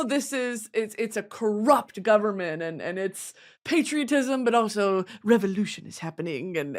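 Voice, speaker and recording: Lively, giggly young woman vlogger. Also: mid-range voice. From Southern United States. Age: 20s. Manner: animated, giggly, slangy and profane. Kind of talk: casual rambling monologue.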